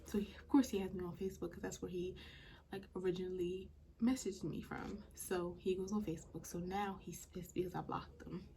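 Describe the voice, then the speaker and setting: A woman's voice: lowish voice, fairly even intonation, brisk, vocal fry, dark tone, slight background noise. A young woman vlogger telling a storytime in a casual, chatty way, with a lot of "like". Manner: chatty, lots of "like".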